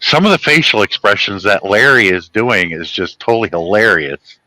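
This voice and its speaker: A man with a mid-pitched, bright, forceful voice, recorded dry and close. He chats casually as an eager fan, jumping in with favorite moments and acting out the lines. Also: lively intonation, normal speed, dry recording, rough recording. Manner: enthusiastic fan, chimes in and acts out lines. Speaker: conversation partner. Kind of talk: casual chat.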